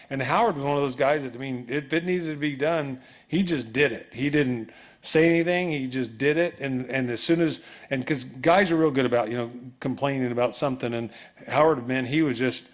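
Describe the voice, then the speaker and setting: A man preaching a sermon with a middle-pitched voice. He talks loosely and conversationally. He acts out the voices of the people he quotes. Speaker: pastor.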